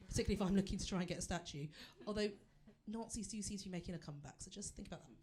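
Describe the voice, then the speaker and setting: A woman's voice: medium pitch, racing, a little mellow, slightly rough. Woman in her 30s doing stand-up on a theatre stage, chatty, pokes fun at herself, talks right to the crowd. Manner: chatty, self-deprecating, addresses the audience directly. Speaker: stand-up comedian. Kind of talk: stand-up comedy set. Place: theatre stage before a live audience.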